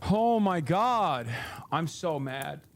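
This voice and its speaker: A man's voice: fairly high pitch, expressive, slow pace. A man hosting a live stream, ranting in an angry, profane way and repeating phrases for emphasis. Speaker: streamer host.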